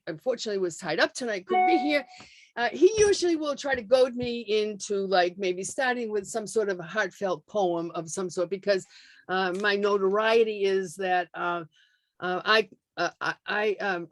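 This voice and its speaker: A woman's voice: mid-range voice, dry recording. A woman hosting a video call meeting, hesitant with many fillers and light laughing asides, then reading a poem. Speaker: meeting host. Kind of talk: casual introduction and poem reading.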